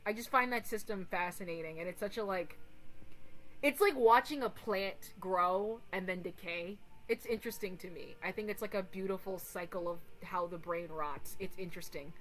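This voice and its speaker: A woman streamer chatting casually on a livestream, rambling and animated, swearing and giggling now and then. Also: medium pitch, normal speed, faint music behind, low-quality recording.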